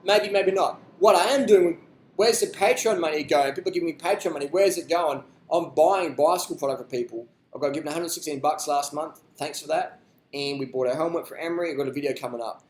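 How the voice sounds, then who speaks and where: A man's voice: a little high, fast talker, reverberant, slight background noise. A man hosting a live stream, answering viewer questions in a blunt, rambling, profane way. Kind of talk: casual unscripted live stream chat.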